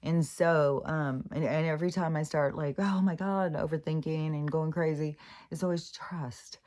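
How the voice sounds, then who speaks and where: A woman talking through her thoughts in a casual spoken reflection, halting and rambling, with frequent restarts and swearing. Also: low voice, fairly even intonation, darkish tone. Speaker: vlogger.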